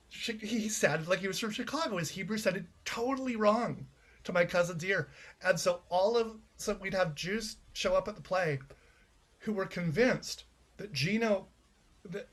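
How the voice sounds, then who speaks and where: A man's voice: high voice, bright, forceful tone. A man from Canada, a playwright being interviewed, telling anecdotes in a chatty way with frequent restarts. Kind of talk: casual interview chat.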